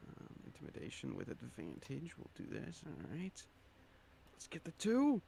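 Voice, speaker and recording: A man's voice: fairly high pitch, huge pitch swings, normal speed, vocal fry, dark tone, a little hiss or hum. A man playing a tabletop role-playing game, chatting casually and hesitantly, with playful swearing.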